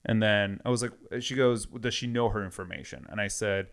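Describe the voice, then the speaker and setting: A man's voice: lowish voice, a little fast, smooth. A man casually retelling a story with lots of quoted back-and-forth. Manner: animated retelling with many quoted exchanges.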